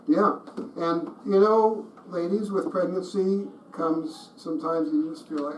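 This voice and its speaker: A man's voice: high-pitched, steady tone, measured pace. A middle-aged man teaching a group, telling anecdotes in a conversational way with restarts and chuckles. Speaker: pro-life ministry teacher. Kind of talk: storytelling teaching talk. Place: meeting room with a group. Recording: roomy echo, mic at a distance, faint noise.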